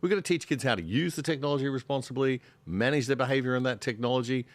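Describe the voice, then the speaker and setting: A man's voice: mid-range voice, fast, no room sound. A man joining a podcast panel as a guest, speaking earnestly and passionately and building to indignation. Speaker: guest panelist, show host. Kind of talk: panel discussion.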